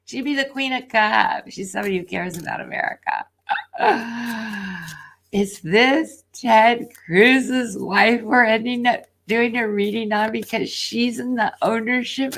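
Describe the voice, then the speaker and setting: An excitable woman hosts a live tarot reading over a simple webcam mic. Her voice sits somewhat high and her delivery is slow and drawn out. She laughs often, slips into whispers, then jumps up into shouts. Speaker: tarot reader.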